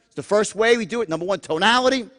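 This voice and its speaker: Animated man teaching in an echoing hall. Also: high-pitched, fast talker. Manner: animated, profane, acts out tones with sudden whispers. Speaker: sales trainer. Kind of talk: live seminar talk. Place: large seminar room. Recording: long hall reverb.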